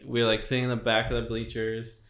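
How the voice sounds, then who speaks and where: A man's voice: medium pitch, monotone, fairly quick, echoey room, over a noisy crowd. A young man sharing his personal testimony as a guest, talking casually with lots of fillers. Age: young adult. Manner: casual, filler-heavy storytelling with many likes.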